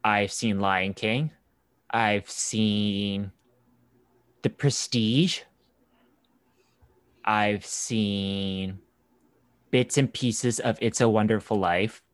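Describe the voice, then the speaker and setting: A man's voice: lowish voice, very slow, long pauses, clean tone, no room sound. A young man from Canada in casual chat as a co-host, an easygoing, rambling storyteller. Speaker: podcast co-host.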